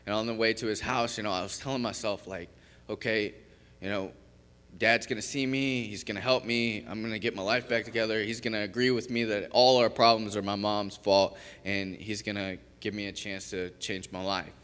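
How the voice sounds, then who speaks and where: A young man shares his recovery testimony from the front of a church, speaking in a candid, conversational way full of fillers and self-corrections. His voice sits a little low. The sound carries a long reverb from the large sanctuary. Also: steady tone, moderate pace, fairly bright tone, clean tone. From Kentucky. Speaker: recovery program graduate giving testimony. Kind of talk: personal testimony in a church service.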